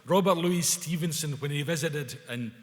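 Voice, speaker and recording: A man's voice: on the high side, normal speed. Scottish man telling a story in a hall. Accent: Scottish, Scots dialect. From Scotland. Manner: broad Scots words, lively storytelling. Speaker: speaker at a culture event. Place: event hall.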